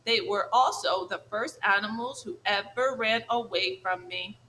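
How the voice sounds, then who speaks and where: A woman voicing a calm, polite robot mother. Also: mid-range voice, unhurried, a little hiss or hum, poor audio. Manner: formal, calm, even, no contractions.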